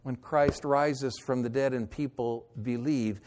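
A middle-aged man preaching a sermon, moving between loud declarations and hushed, pleading lines. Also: medium pitch, unhurried, few pauses. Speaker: pastor.

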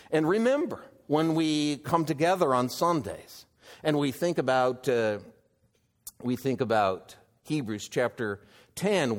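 A man preaching a sermon, slow and measured, building to emphatic exclamations. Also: medium pitch, big-room sound.

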